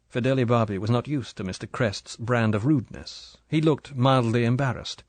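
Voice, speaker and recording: Male audiobook narrator, measured delivery, dry booth sound. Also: mid-range voice, no room sound. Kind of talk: scripted narration.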